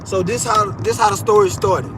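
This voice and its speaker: A young man telling a story in a casual, animated rant, swearing often and repeating himself. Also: high-pitched, normal speed, background noise.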